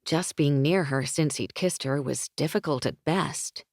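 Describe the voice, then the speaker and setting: A woman narrating a romance audiobook in a smooth, intimate storytelling manner. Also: sits low, a little slow, no room sound, clean studio sound.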